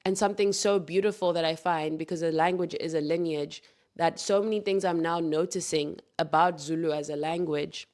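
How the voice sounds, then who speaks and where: A woman's voice: low-pitched, fairly even intonation, normal speed, a little mellow. A woman hosting a reflective spoken monologue, earnest and heartfelt, calling her listeners darlings and loves. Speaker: podcast host.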